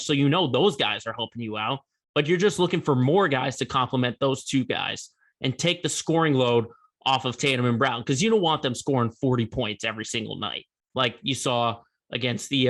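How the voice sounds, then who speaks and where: A man's voice: mid-range voice, a bit bright. A man hosting a sports podcast, giving opinionated, conversational commentary with emphatic bursts.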